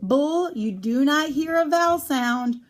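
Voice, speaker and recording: A woman teaching a phonics lesson on syllable types, speaking clearly and drawing out the example words slowly. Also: high voice, animated.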